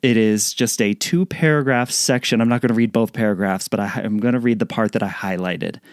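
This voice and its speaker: A man's voice: fairly low pitch, fairly quick, no room sound. Earnest male podcast host, dry sound. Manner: earnest, careful, hesitant restarts. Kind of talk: interview, reading a book passage.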